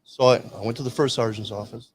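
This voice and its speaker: A man's voice: medium pitch, steady tone, fast, a little hiss or hum. An older man from Michigan, a veteran telling rambling stories and acting out quoted dialogue in casual chat. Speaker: veteran guest. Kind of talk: casual storytelling.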